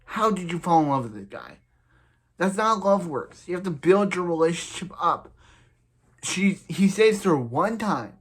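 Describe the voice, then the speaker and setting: A man's voice: high voice, sing-song, normal speed, husky. A young man casually reviewing a TV episode, rambling with lots of filler words and sounding exasperated at the characters.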